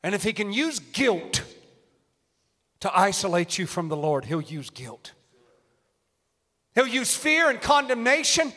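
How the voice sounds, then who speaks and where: A man's voice: high voice, big pitch swings, measured pace, pauses often, pushed and bright. A man preaching a fervent, emphatic sermon in a church. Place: church sanctuary. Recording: long reverb of a large hall.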